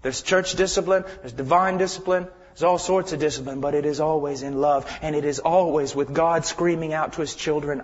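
A man preaching a sermon with intensity, swinging from loud pleading to hushed whispers and repeating phrases for emphasis. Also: on the high side, brisk, few pauses. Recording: dull lo-fi sound with long hall reverb.

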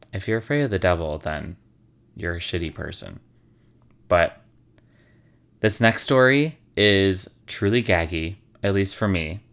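Deep-voiced, wry male storyteller. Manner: wry and sarcastic, swears casually. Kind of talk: casual storytelling.

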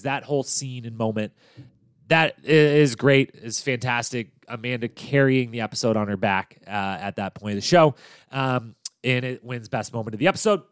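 Chatty male podcast host with a smooth voice. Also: mid-range voice, no room sound, studio quality. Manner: chatty, upbeat, loose with fillers and restarts. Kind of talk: casual TV recap chat.

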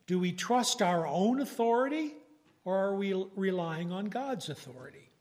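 A middle-aged man preaching a sermon, teaching in a measured way with occasional fillers. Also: high-pitched, animated, darkish tone.

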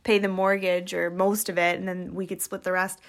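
This is a woman with a somewhat low voice, a guest on a podcast. She tells her personal story in a casual, rambling way, leaning on filler words as it all comes out. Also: little pitch movement, brisk. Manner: chatty, rambling, many "like"s.

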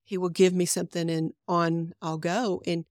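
A woman's voice: on the low side, level tone, normal speed, darkish tone, no echo, studio quality. A middle-aged woman guest sharing a personal faith testimony in earnest conversational storytelling, acting out her own past thoughts. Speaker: podcast guest.

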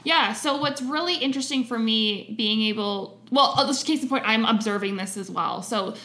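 Candid, reflective woman with a higher voice. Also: moderate pace, pushed and bright. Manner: reflective, self-examining, speaks in emphatic short phrases. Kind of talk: candid conversational chat.

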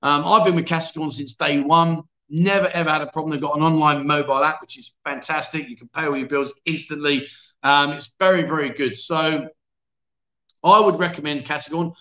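Male livestream host, slightly high voice, casual and matey, echoey room. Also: fairly even intonation, a little fast, sharp tone. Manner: chatty, self-deprecating, frequent restarts and "mate". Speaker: livestream chat show host. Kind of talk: casual livestream chat reading viewer comments.

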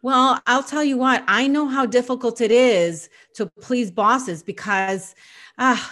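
A sugary, self-absorbed middle-aged mother chatters brightly in a high voice, turning every exchange back to herself, as a woman puts her on. She talks in a slow, breezy way.

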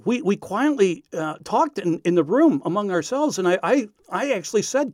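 A man recounting a personal story in an animated, self-deprecating way. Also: sits high, normal speed, hardly any pauses, dry recording, studio quality. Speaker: radio speaker.

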